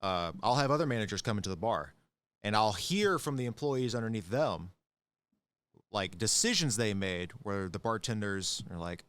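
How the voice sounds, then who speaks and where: A man chatting casually on a podcast about years of managing a bar, explaining and giving advice. His pitch moves around a lot as he talks. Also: expressive, normal speed, a bit bright, clean tone. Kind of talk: casual chat.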